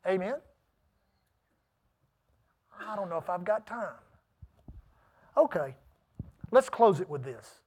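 Male preacher, high-pitched, emphatic, calls for congregation responses, big swings from shouts to hushed asides. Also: big pitch swings, slow pace, pauses often, husky. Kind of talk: sermon.

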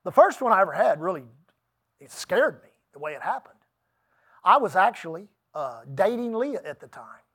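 A man's voice: high voice, very animated, normal speed, a bit bright. A middle-aged man preaching a sermon, telling a personal story in a folksy, emphatic way with asides to the congregation. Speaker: pastor.

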